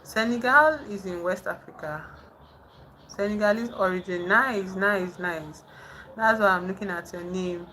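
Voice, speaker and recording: Slow, bright-voiced woman chatting live. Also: medium pitch, a little hiss or hum, rough recording. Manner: halting, trying out French phrases between laughs. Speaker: livestream host. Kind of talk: casual live chat with viewers. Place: indoors in the dark at night.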